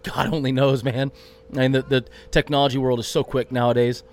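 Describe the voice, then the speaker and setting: A man's voice: mid-range voice, level tone, fairly quick. Brash, rambling man as an interview guest. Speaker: racing driver guest. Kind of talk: interview answers.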